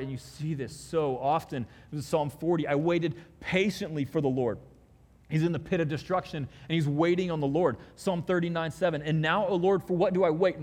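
Male preacher, conversational sermon, husky tone, slightly high voice, reverberant church sound. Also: a little mellow. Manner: conversational preaching, builds to emphatic peaks. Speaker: pastor. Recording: long hall reverb.

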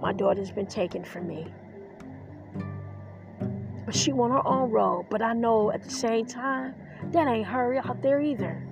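A woman's voice: on the high side, unhurried, vocal fry, long pauses, over music. A woman hosting a podcast, talking in an emotional, defiant personal monologue and getting choked up at times. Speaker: podcast host.

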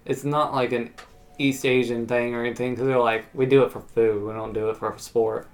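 A man's voice: medium pitch, little pitch movement, fairly quick. A man guesting on a casual podcast, speaking in a laid-back, somewhat hesitant way.

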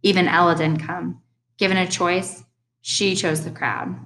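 A young adult woman reading a first-person audiobook in a steady, earnest storytelling manner. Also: on the low side, measured pace, poor audio. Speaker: audiobook narrator.

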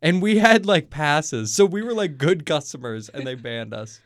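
With a somewhat high, animated voice at a moderate pace, a young Kentucky man, a college student guest, spins stories in a relaxed interview. He chats freely and leans heavily on fillers.

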